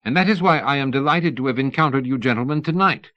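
A man reading a suave, cordial Victorian gentleman journalist with a polite, genteel manner. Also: medium pitch, fast, highs cut off, pitched above the performer's own voice, lightly acted. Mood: courteous. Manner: polite, genteel, feigning innocence.

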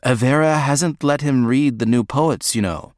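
A man's voice: medium pitch, moderate pace, dry recording, studio quality, close to an everyday voice. A man voicing a friendly, easygoing teacher speaking to a colleague. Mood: confiding.

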